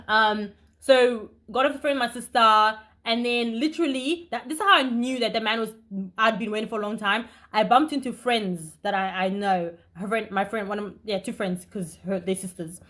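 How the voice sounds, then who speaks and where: A young woman vlogger telling a story in a casual, animated way, talking fast with bursts of emphasis. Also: on the high side.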